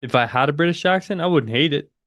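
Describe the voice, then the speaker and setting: A man's voice: fairly high pitch, animated, quick pace, a bit bright, no echo, studio quality. Slangy young man hosting a trading stream. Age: 20s. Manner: slangy, laid-back, says dude a lot. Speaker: day-trading livestream host. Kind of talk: casual livestream chat with market commentary.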